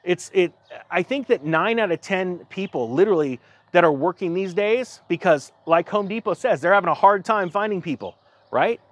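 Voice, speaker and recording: Casual male vlogger, slightly high voice, rambling exasperated storytelling, dry close recording. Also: lively intonation, moderate pace, no room sound. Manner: rambling storyteller, acts out both sides of conversations; exasperated, self-interrupting restarts. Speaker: YouTube commentator. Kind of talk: casual anecdotal rant.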